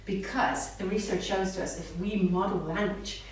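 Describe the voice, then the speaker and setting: Woman speech therapist, animated sing-song modelling, roomy distant sound with faint hiss. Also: medium pitch, normal speed. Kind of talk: live talk to parents. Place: hall with a live audience. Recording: echoey room, mic far off, faint noise.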